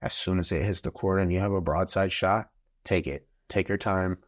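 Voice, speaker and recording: Low-voiced man telling a hunting story. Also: brisk. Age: adult father of school-age kids. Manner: animated, acts out quotes in the story. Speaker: podcast guest. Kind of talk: casual storytelling.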